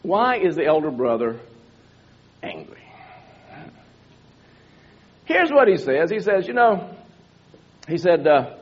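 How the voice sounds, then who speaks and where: A male preacher drives his sermon home with repeated phrases and rhetorical questions. His voice is high for a man and husky. The recording sounds dull and lo-fi. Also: sing-song, slow pace, pauses often. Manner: emphatic, rhetorical questions, repetitive.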